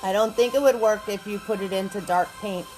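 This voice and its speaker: A paint party instructor with a mid-range, slightly mellow voice speaks briskly and steadily, chatting with viewers and greeting them by name as she works on a live painting class. Faint music sits behind a rough recording.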